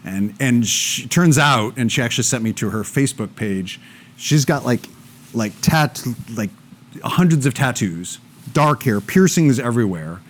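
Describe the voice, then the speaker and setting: A man in a mid-range voice speaks at a measured pace before a live audience, bringing his stories to life by performing both sides of each exchange.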